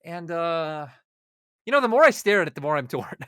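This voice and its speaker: A man co-hosting an esports panel, talking in excitable bursts with plenty of fillers. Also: fairly high pitch, clear, resonant tone, no room sound, studio quality. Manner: animated, excitable, quick bursts. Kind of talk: casual analytic chat.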